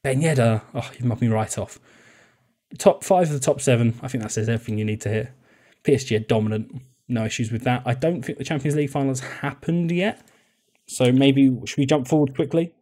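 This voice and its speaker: Chatty young man, mellow voice. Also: mid-range voice, fairly quick. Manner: chatty, jokey, laughs often. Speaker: video game YouTuber. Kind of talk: casual gameplay commentary.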